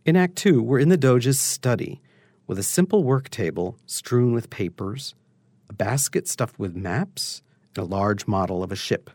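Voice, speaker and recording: A man narrating a scripted opera lecture, explaining in a measured, articulate way. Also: medium pitch, lively intonation, darkish tone.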